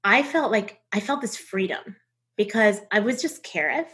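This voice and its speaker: A woman's voice: medium pitch, animated, normal speed, fairly bright tone, breathy edge. A woman with a Southern American accent, a guest talking earnestly and reflectively in short phrases. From United States. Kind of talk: casual conversation.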